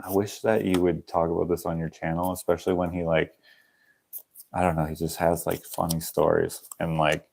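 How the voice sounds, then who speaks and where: A young man hosting a casual livestream, rambling and chuckling as he acts out the people in his stories. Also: sits low. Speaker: channel host.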